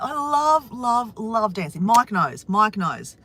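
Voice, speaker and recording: An Australian woman chatting excitedly in a casual vlog, swearing now and then, outdoors by the ocean on a windy day. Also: medium pitch, measured pace, breathy edge. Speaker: vlogger.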